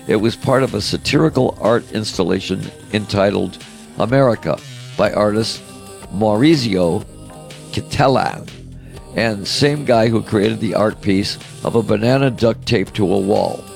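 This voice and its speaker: Man, radio host, gravelly low voice, wisecracking, mocking delivery. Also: a little mellow. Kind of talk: comedic radio talk segment.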